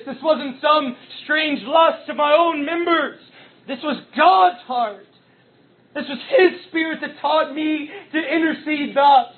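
A man preaching with real fervor, in a strikingly high voice. He draws his words out slowly and lets his volume swell and drop. The recording is thin and tinny, like a phone line. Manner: impassioned, with big swings in loudness. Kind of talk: sermon.

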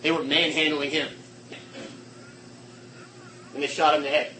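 Impassioned high-voiced male preacher. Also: level tone, moderate pace, a little hiss or hum, rough recording. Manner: impassioned, swinging between shouts and hushed tones. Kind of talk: sermon.

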